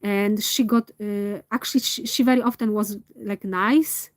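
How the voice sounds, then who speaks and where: A woman speaking in a reflective personal monologue, earnest and candid, often pausing and restarting as she searches for words. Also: medium pitch, fairly even intonation, no echo. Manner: slow, hesitant, searching for words. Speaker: vlogger.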